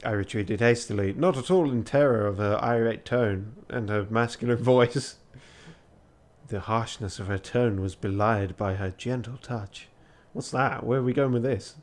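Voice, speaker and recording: A man's voice: mid-range voice, normal speed. Tired male streamer, reads a text game aloud with self-mocking asides and swearing. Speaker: charity streamer.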